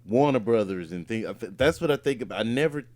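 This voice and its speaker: Low-voiced man in rambling casual chat. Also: quick pace. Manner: animated, rambling storytelling with many fillers and restarts. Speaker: podcast co-host and voice actor.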